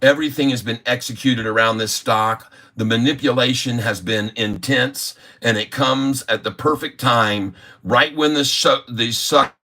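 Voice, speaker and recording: A man's voice: mid-range voice, unhurried, sharp tone. A middle-aged man ranting indignantly in a livestream of stock commentary. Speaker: stock market streamer.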